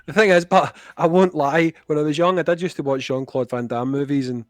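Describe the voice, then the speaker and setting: A Scottish man chatting as a podcast guest over a call, talkative and quick to laugh. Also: on the high side. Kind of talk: casual chat.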